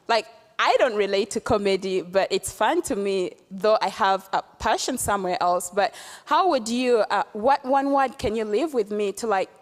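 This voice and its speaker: A young Ugandan woman in the audience asking a comedian a question, halting and emotional with many fillers. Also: medium pitch, big-room sound. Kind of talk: nervous excited question.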